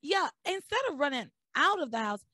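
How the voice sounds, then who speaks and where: A woman's voice: high voice, a little fast, no room sound, studio quality. Chatty woman with a raised voice. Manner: animated storytelling with sarcastic asides. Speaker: podcast host recapping a soap opera. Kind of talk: casual chat.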